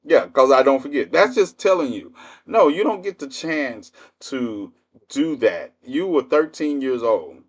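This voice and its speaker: A man's voice: medium pitch, expressive, measured pace, slightly rough, muffled recording. A man in his fifties hosting a livestream, telling stories in a blunt, profane, laughing way. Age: 50s. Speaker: livestream host. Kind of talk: casual storytelling monologue.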